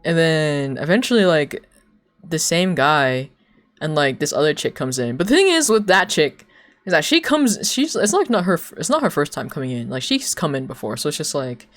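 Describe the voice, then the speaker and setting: A young adult livestreamer telling a long story to chat in a loose, casual way, full of "like", swearing and laughter, with quoted people acted out in sudden jumps of pitch. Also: very animated, moderate pace, a bit bright, faint music behind. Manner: rambling, heavy use of "like", swears, laughs between lines.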